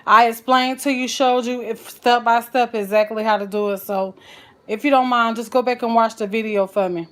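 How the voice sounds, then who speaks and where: A woman with a steady, somewhat high and slightly bright voice chats folksily at normal speed while cooking on a live stream. She's full of endearments, calling her viewers child and honey.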